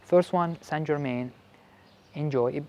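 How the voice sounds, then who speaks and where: A man vlogging about his spiritual practice in casual talk, halting and repeating words as he searches for his phrasing. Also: on the high side, dark tone, slight background noise. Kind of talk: casual explanatory vlog talk.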